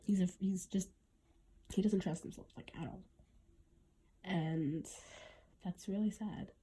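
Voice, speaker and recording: A woman's voice: medium pitch, fairly even intonation, takes it slowly, dark tone, breathy edge. A woman hosting her own podcast, talking in an earnest, reflective way and often restarting her sentences. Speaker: podcast host. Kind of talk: casual podcast monologue.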